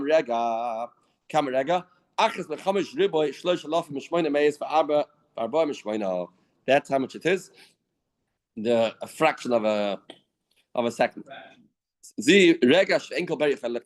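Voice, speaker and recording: A man giving a daily Talmud class in a study hall, lively, weaving Hebrew and Yiddish terms into English. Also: mid-range voice. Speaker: Talmud teacher. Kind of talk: Talmud lecture.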